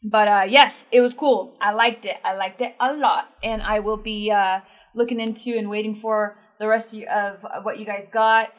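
A woman casually chatting as a metal reaction host, playful and excitable, rambling with lots of fillers. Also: medium pitch, normal speed.

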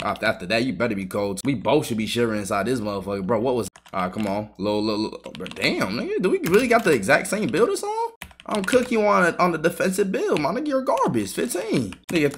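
Young-sounding gamer guy for a gameplay channel: lively, swinging pitch, trash-talks and swears nonstop, with faint keyboard clicking behind him. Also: a little hiss or hum. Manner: trash-talking, excitable, swears a lot. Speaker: gaming YouTuber. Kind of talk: live gameplay commentary.

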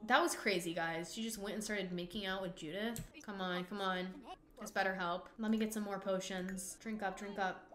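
A woman hosting a gaming channel, giving excitable, dramatic play-by-play commentary with frequent swearing. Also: mid-range voice, moderate pace, echoey room. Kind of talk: casual gameplay commentary.

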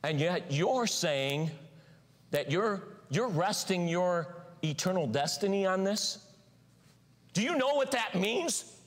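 A man preaching with a high, bright voice that swings widely in pitch. He acts out voices and breaks into shouts for emphasis. His words ring out with a long reverb in a church sanctuary. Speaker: pastor. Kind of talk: sermon.

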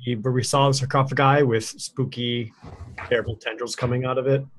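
Brisk man player at the table. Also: mid-range voice, level tone, a little hiss or hum. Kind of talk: casual in-character play.

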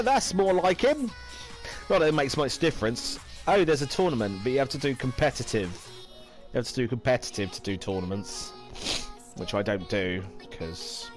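A man with a Northern English accent chatting playfully as he plays and commentates on a video game. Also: medium pitch. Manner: chatty, playful, exclaims and sings little phrases. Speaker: gaming video host. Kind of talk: casual gameplay commentary.

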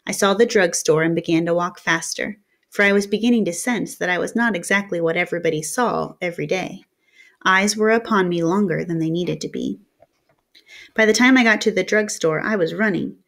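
A woman reading a novel aloud in a steady storytelling manner, narrating in the first person. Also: lowish voice, fairly quick, gravelly. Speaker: reader. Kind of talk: audiobook narration.

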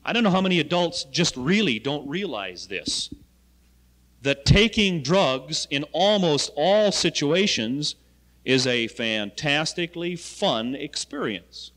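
An animated man with a fairly high voice lectures students on health education, jumping between loud emphasis and quiet asides. The sound is an archival 1970 recording from a college hall, with a long reverb tail behind every phrase. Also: slow pace. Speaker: school health education coordinator.

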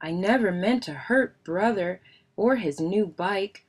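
A woman reading aloud, voicing a meek young boy bear cub in a storybook who talks sheepishly and gently. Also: medium pitch, slow. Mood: sorry.

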